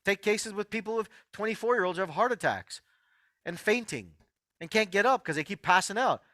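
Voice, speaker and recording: A high, bright-voiced man gives an emphatic motivational health lecture, swooping up and down in pitch as he repeats his key points. He talks straight to his online audience, and the sound is close and dry. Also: lively intonation, a little fast, no echo. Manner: emphatic, repeats key phrases, addresses listeners directly. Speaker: host of an online healing workshop.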